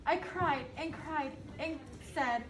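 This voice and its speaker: A woman's voice: high voice, slow pace, fairly bright tone, a little hiss or hum. A woman reading a picture book aloud to children, stopping to ask them questions. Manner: asks the children questions between pages. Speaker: storybook reader. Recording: echoey room, distant mic, faint ambience.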